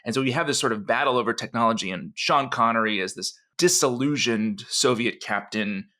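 A man co-hosting a podcast, telling a story in an enthusiastic, animated way. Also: medium pitch, a little fast. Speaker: podcast co-host.

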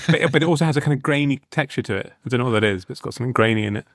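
This podcast host is a man chatting casually, rambling, giggling and poking fun at himself. He talks rapid-fire at medium pitch with a fairly bright tone, recorded dry and clean in a sound-treated booth.

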